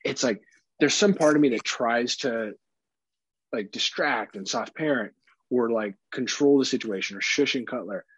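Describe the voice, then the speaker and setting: Husky-voiced dad swearing casually. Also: male voice, mid-range voice, normal speed, no echo, dull audio. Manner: candid, swears freely, animated impressions. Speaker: podcast co-host. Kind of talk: casual chat.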